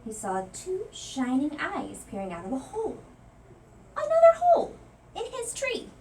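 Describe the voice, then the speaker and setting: A young woman teacher reads a picture book aloud in a high, very lively voice, dropping to a hush when the story turns tense. She sits back from the microphone, with a faint hiss behind her. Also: normal speed. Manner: expressive, dramatic storyteller, hushed at suspense. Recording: voice from a distance from the mic.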